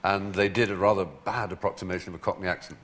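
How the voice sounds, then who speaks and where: An Englishman who is a talk show guest, telling anecdotes in an articulate, wry way with animated asides. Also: deep voice, fast talker. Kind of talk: anecdotal storytelling.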